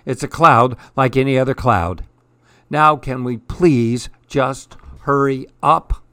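A man voicing a fussy, self-important male pigeon who talks in a brisk, huffy, impatient way. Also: medium pitch, pushed and bright, no room sound, studio quality.

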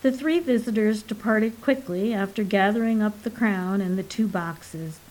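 A woman narrating a story in an unhurried, measured way. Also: medium pitch, a little mellow, low-quality recording. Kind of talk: audiobook reading.

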